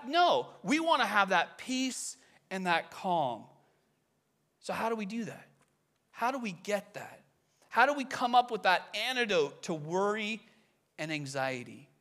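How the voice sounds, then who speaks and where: A pastor from the Bay Area giving a conversational sermon, telling stories with animated swings between loud emphasis and quiet asides. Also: male voice, high-pitched. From California Bay Area.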